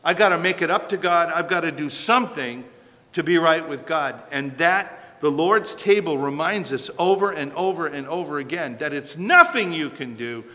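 A pastor delivers a sermon, hammering points home through repetition and questions to the congregation. His voice sits a little high and rings bright and forceful. A long reverb from the church hall trails every phrase. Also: animated, moderate pace.

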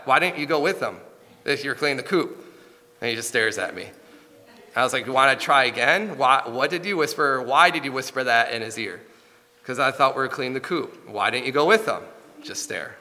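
A man in his thirties preaching a sermon, telling a family story in an earnest, halting way with frequent restarts. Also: mid-range voice, bright, forceful tone, long reverb tail.

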